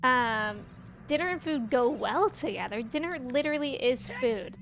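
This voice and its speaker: A young woman with a Midwestern American accent speaks expressively at a normal speed, her voice on the high side and a bit bright. She streams a game, giggling and rambling as she chats with viewers, with game music and slight background noise present.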